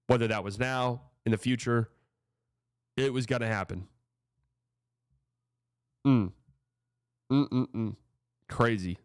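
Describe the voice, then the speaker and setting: A man's voice: mid-range voice, takes it slowly, long pauses, clear, resonant tone, no room sound, clean studio sound. A man hosting a casual sports reaction show, talking in a loose, profane, rambling way.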